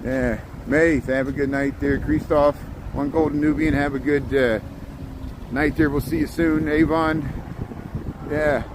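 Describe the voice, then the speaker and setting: A man's voice: a little high, fairly even intonation, unhurried. A man hosting a casual livestream while walking a city street at night, chatting loosely and thanking viewers by name with easy laughs. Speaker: livestream host. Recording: wind noise on the mic outdoors.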